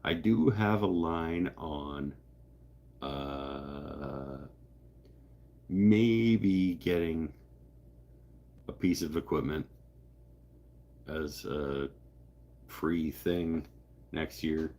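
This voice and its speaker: Drawing out his words with long pauses, this man's voice rumbles low with a darkish tone. Hosting a live stream, he jokes and rambles through viewer comments, often interrupting himself.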